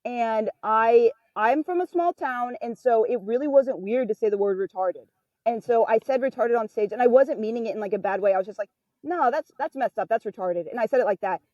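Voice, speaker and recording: A young woman comedian talks casually as a podcast guest, spinning candid stories and briefly mimicking the people in them. Her voice sits a little high yet sounds mellow and warm rather than bright. The recording is dry and close. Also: brisk, no echo, highs cut off. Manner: candid storyteller, acts out quoted people with pitch jumps.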